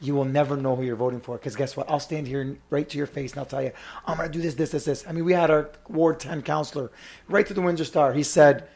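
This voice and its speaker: Fast, impassioned man. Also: a little high, fairly even intonation, creaky, darkish tone. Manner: emphatic, impassioned, campaign-speech tone. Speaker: podcast host. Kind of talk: heated political discussion.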